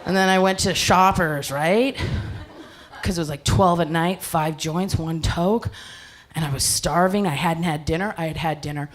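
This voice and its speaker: A woman doing a stand-up comedy set on a club stage, telling an animated story and acting out other people's voices. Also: on the low side, moderate pace. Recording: noisy live recording.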